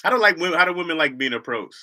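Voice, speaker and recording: Animated man with a bright voice. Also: on the high side, racing. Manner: animated, loud mocking voices with lots of laughter. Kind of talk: casual comedic storytelling.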